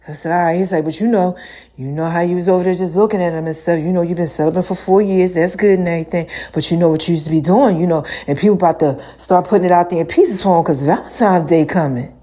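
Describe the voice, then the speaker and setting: A woman's voice: fairly low pitch, quick pace, mellow. A woman speaking, hosting a podcast as a casual monologue, slangy and playful, often laughing. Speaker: podcast host.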